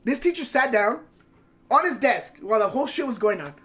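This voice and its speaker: Young man rambling, high-voiced. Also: big pitch swings, brisk, fairly bright tone, husky. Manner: rambling, profane storytelling. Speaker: game streamer. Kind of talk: casual stream chat.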